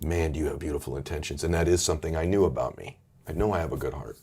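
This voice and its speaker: A man's voice: rumbling low, racing, warm tone, husky. A middle-aged man, a podcast host and author, speaking earnestly in a candid interview and telling an emotional personal story.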